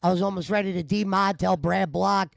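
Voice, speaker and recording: A man's voice: high-pitched, steady tone, a little fast, vocal fry, no echo. A man talking on his livestream, venting about getting angry at a commenter. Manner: aggrieved, venting. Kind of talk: casual livestream talk.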